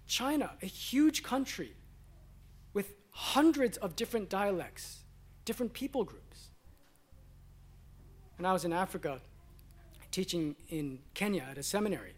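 Man, pastor, high-pitched, emphatic sermon delivery, loud declarations and quiet asides.

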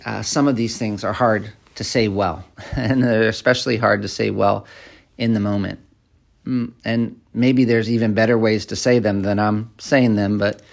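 Male preacher, gravelly voice, conversational and halting, plenty of fillers. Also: fairly low pitch. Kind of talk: sermon application with acted examples.

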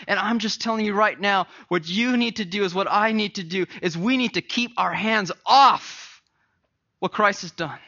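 A man preaching a sermon as pastor, dropping to a hush and then rising loud and animated. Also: sits high, brisk, lo-fi sound. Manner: swings from hushed to loud and animated.

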